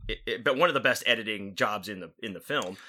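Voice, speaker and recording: A man co-hosting a casual movie-review chat, animated and quick to act out scenes in mock voices. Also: on the low side. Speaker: podcast co-host.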